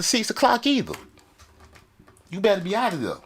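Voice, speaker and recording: A man delivering a loud, profane, mocking comedic rant on a desk mic with a soundboard. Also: high voice, wildly swooping pitch, moderate pace, breathy edge. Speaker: comedic commentator.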